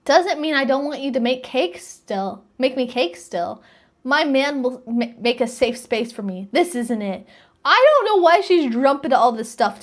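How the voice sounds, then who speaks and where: Chatty woman with a higher voice. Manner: reads messages aloud and comments, chatty and wondering. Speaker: streamer reacting to posts. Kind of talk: casual reaction commentary.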